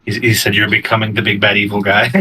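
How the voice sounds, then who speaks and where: A man running a tabletop game as game master, playful and quick to laugh. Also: lowish voice, background noise. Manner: laughs often, playful and animated.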